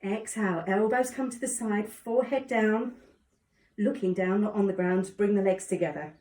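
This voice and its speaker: A woman calmly guiding a yoga class with encouraging cues. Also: medium pitch, normal speed. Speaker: yoga instructor. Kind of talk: guided exercise instruction. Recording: echoey room, distant mic.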